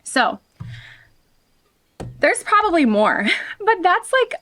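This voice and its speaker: A woman's voice: very high-pitched, big pitch swings, slow pace, a bit bright. A woman hosting her own vlog outdoors, talking frankly and with animation straight to her viewers. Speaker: vlog host. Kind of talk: candid personal vlog talk.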